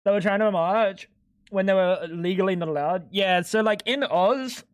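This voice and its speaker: A man's voice: sits high, moderate pace, smooth, no room sound, studio quality. A man chatting casually on a live stream, rambling and sweary, with lots of "like". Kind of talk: casual chat while gaming.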